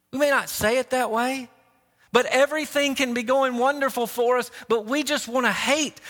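A man's voice: high voice, sharp tone. A man pastor preaching a sermon, telling stories and acting out the voices of people he quotes. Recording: long hall reverb.

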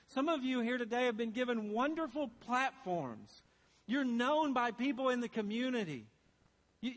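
A male pastor with a notably high voice delivers a sermon in a church sanctuary. He preaches earnestly and emphatically, circling back to the same phrases to press each point home. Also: fairly bright tone.

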